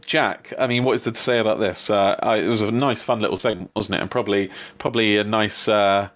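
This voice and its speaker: A man co-hosting a podcast, chatting casually about wrestling, often laughing with sudden jumps in pitch. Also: fairly even intonation, fast talker, fairly bright tone. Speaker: podcast co-host. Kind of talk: casual wrestling review chat.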